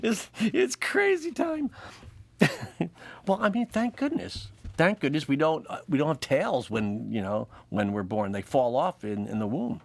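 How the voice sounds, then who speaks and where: A man's voice: medium pitch, big pitch swings, moderate pace, vocal fry, a little mellow, no echo. A man hosting a comedy show, delivering a jokey stand-up monologue and laughing often.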